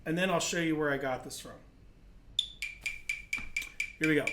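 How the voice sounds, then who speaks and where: A man's voice: a little high, normal speed, reverberant, noisy background. A man teaching a livestream drum lesson, patiently explaining technique and counting in. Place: percussion studio.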